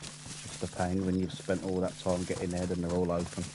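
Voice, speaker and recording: A man's voice: sits low, completely flat delivery, brisk, background noise. A man in casual voice chat while gaming, making cheeky, dry quips. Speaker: gamer in voice chat.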